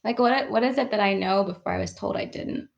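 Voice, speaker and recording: A woman's voice: mid-range voice, fairly quick, creaky, highs cut off. A woman guest on a podcast, speaking earnestly and emotionally about her own growth, laughing often. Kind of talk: reflective conversational interview.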